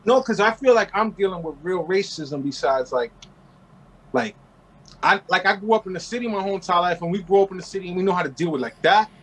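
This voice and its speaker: A man in his forties from Queens tells stories as an interview guest. He talks in a brash, profane, animated way. His voice sits high. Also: quick pace, slightly rough, poor audio. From Queens, New York. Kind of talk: casual interview storytelling.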